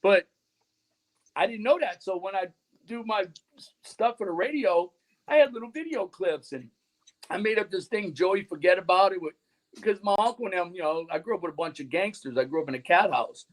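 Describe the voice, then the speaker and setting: A man with a notably high speaking voice tells long, loose stories as a guest on a talk show. He rambles from one thread to the next and peppers nearly every phrase with "you know" and "man". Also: animated, fairly quick. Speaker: guest musician and radio host. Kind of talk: casual interview storytelling.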